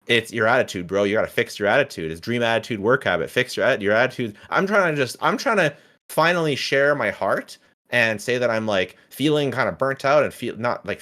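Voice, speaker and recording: A man in his thirties telling a personal story in casual conversation, halting and restarting, sometimes acting out what others said. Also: mid-range voice, fairly bright tone. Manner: halting, restarts often, acts out quoted people. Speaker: guest.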